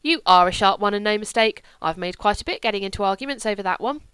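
A woman's voice: medium pitch, quick pace, fairly bright tone, clear, resonant tone, dry recording, close to an everyday voice. A woman reading a novel, voicing a furtive little red-headed Englishman with cheeky, chummy banter.

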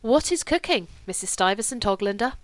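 A woman's voice: medium pitch, expressive, brisk, no echo, close to an everyday voice, poor audio. A woman reading a novel, voicing a man who is a sardonic artist speaking in an ornate, brooding, ironic way.

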